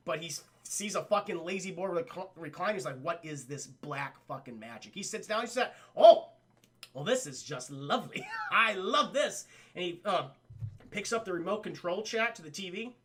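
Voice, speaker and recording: A man's voice: sits high, sharp tone. A man streaming a casual cartoon recap, retelling scenes animatedly, acting out lines, swearing and talking to his chat.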